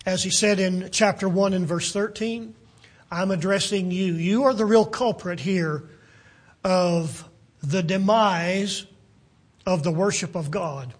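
A man preaching a sermon in an earnest, deliberate way, at times dropping almost to a whisper to stress a point. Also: high voice.

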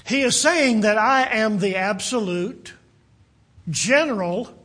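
A man preaching a sermon in an earnest, deliberate way, at times dropping almost to a whisper to stress a point. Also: high voice, lively intonation, sharp tone.

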